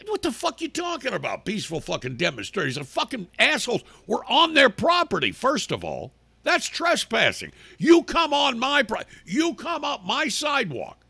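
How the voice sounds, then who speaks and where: Talk show host, male, bright gravelly voice, angry profane rant, lively swings in pitch. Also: dry recording. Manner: angry, profane, loud outbursts. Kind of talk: ranting political talk show monologue.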